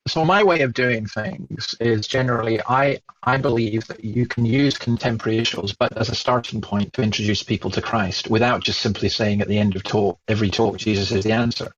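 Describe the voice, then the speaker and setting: A man with a Scottish accent, a guest telling a lively story and acting out the dialogue he remembers. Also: on the low side, a little fast, hardly any pauses, highs cut off. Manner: animated, acts out remembered dialogue. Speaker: Christian speaker and guest. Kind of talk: storytelling in conversation.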